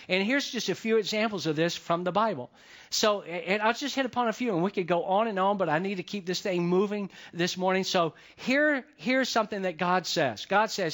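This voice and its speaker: A man's voice: high voice, expressive, a little fast, a bit bright. A man preaching a sermon as pastor, talking in a conversational, repetitive way and checking in with the congregation.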